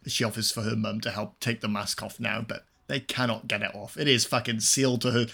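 A man's voice: on the low side, flat delivery, fairly quick, gravelly, bright, forceful tone. A man casually recapping a film scene by scene for a comedy podcast, swearing freely.

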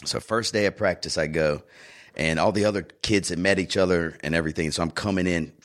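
A middle-aged man with a deep voice co-hosts a casual podcast chat, speaking briskly as he tells stories from his childhood. He's an animated storyteller who fills his speech with lots of fillers.

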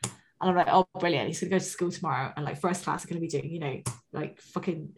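A woman's voice: sits low, fast, a little hiss or hum. A woman, co-hosting a casual chat and telling stories about her household in a chatty, self-mocking, sweary way.

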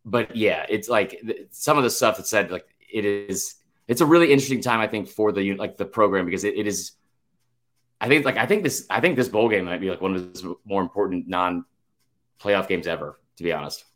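A man's voice: lowish voice, a little fast, fairly bright tone. Young male co-host, rambling and profane, casual sports chat. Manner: rambling, profane, many restarts and fillers. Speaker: podcast co-host.

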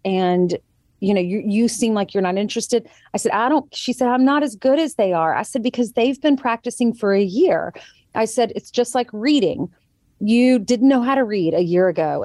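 A woman's voice: medium pitch, a little mellow, no room sound, clean studio sound. A woman in her thirties chatting as a guest and telling a parenting story, quoting others vividly as she goes. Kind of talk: casual chat.

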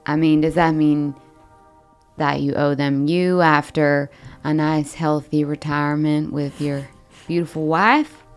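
A woman's voice: deep voice, little pitch movement, measured pace, smooth, faint music behind. A woman player in a tabletop game, chatty and joking as she talks in character. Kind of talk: tabletop role-play.

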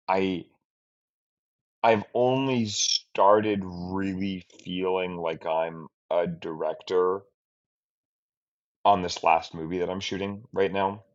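A man who is a film director, giving a candid, reflective interview with halting speech, many restarts and trailing-off phrases. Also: low-pitched. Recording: dull lo-fi sound.

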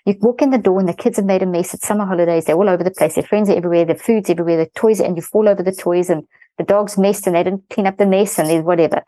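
A middle-aged woman, a guest expert in an interview, explaining a parenting method in fast-flowing, animated talk. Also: fairly low pitch, no room sound, low-quality recording.

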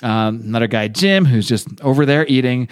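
A man's voice: medium pitch, lively intonation, brisk, smooth. A man hosting a podcast, recapping a comic in a rambling, joking, casual way. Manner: rambling, laughing, swears casually. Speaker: podcast host.

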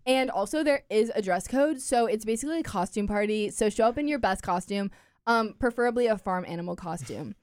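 Relaxed young woman with filler ums. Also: medium pitch, fairly quick, smooth, no echo, clean studio sound. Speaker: podcast co-host. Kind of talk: casual events segment.

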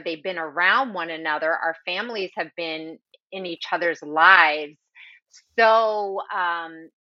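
A woman co-founder being interviewed, telling a personal family story in a tender, animated way. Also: on the low side, no echo, muffled recording. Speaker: business co-founder guest.

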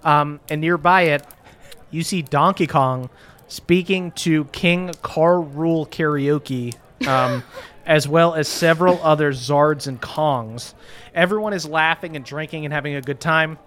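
A man's voice: fairly high pitch, measured pace, a bit bright. A man narrating as game master in a tabletop game, with many fillers and chuckles.

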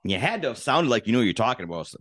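A man's voice: medium pitch, big pitch swings, racing, a bit bright. A man co-hosting a casual podcast, chiming in with short reactions and easygoing questions. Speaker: podcast co-host.

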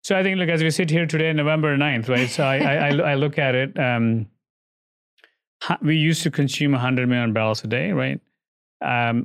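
Male industry guest, middle pitch, thoughtful and halting, dry close recording. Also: creaky, clean tone, dry recording. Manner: thoughtful, hedging, frequent fillers and restarts. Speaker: guest, oil industry executive. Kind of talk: business interview conversation.

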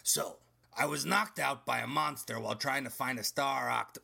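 Gravelly, rambling comic detective narrator. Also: mid-range voice, normal speed. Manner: rambling, deadpan asides. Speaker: comic storyteller.

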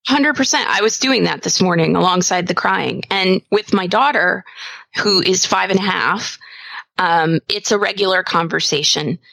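A woman in her thirties speaks in a relaxed podcast chat. Her voice carries a gravelly fry, and she sounds candid and emphatic. The recording is dry and close. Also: lowish voice, moderate pace, no room sound, rough recording. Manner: candid and emphatic, laughs easily. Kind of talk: casual conversation.

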